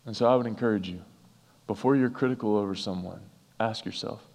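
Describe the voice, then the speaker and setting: Preaching in a reverberant church sanctuary, a pastor speaks briskly in a lowish, slightly mellow voice. He is earnest and emphatic with his church, repeating phrases for effect.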